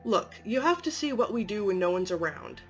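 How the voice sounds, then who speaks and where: A woman voicing a weary, bitter young male humanoid creation who talks in a low, flat, resentful way, in an amateur story reading. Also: brisk, faint music behind, close to an everyday voice.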